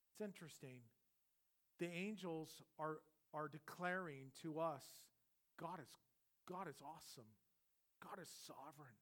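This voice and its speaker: A middle-aged pastor preaching a sermon in a conversational, animated way, swinging from loud bursts to hushed asides. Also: male voice, on the high side, normal speed. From California.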